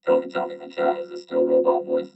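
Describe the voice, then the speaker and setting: A man's voice: very deep voice, completely flat delivery, fast talker, vocal fry, warm tone, dull audio, faint music behind. A man hosting a casual livestream reaction, chatting to his viewers with many fillers, through a glitchy robot-voice mic. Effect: glitchy robot voice filter from a faulty mic. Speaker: host reacting to videos.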